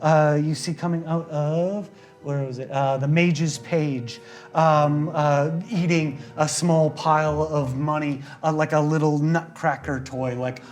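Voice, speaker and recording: A man's voice: fairly high pitch, fairly even intonation, a little slow, soft background music. A man narrating a tabletop game as game master, in a loose, rambling way full of fillers.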